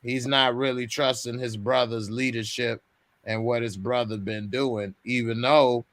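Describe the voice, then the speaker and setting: Male stream host, unhurried delivery, crisp bright tone, dry close sound, slangy and easygoing. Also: mid-range voice, steady tone, no room sound. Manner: laid-back, slangy, laughs often. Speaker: host of a TV recap livestream. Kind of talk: casual recap chat. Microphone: webcam on a video livestream.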